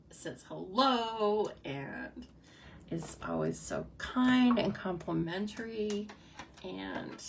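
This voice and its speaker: A woman's voice: medium pitch, gravelly. Bubbly woman chatting at a craft table. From United States. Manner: chatty and bubbly, reacts to comments, frequent laughs. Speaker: stamping demonstrator hosting a live stream. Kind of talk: casual live crafting demo, chatting with viewers. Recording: somewhat distant mic with faint noise.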